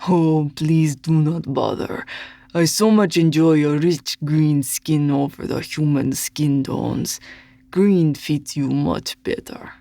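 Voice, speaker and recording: An audiobook narrator voicing an amused male villain with a thick Russian accent and a rich, booming, slow way of speaking. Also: fairly even intonation, creaky, warm tone, no room sound. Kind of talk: audiobook character voice.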